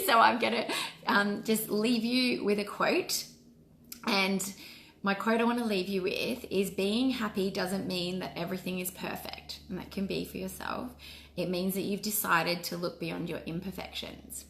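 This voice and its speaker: A woman's voice: mid-range voice, fairly even intonation, normal speed, vocal fry, a bit bright, a little hiss or hum. A woman in her forties, a wellness coach, giving an earnest and encouraging casual live-stream talk. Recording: roomy echo.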